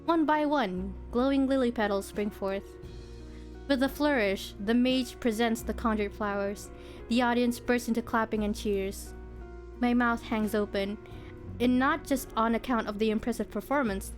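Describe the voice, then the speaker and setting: A young woman streams herself reading a visual novel aloud, her voice sitting fairly high. She narrates with expression and drops into giggly asides, with soft game music under her. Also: normal speed.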